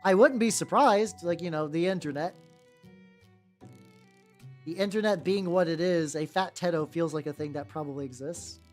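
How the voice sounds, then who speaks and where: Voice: mid-range voice, normal speed, pauses often, a little mellow. A streamer chatting casually while painting miniatures, rambling with lots of fillers and casual swearing, with no notable accent. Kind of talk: casual live-stream chat. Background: faint background music.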